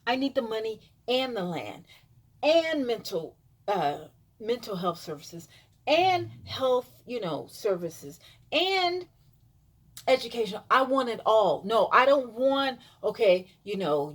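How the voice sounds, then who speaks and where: A woman's voice: fairly high pitch, very animated, slow pace. A woman vlogging an emphatic, insistent opinion monologue, repeating herself for emphasis.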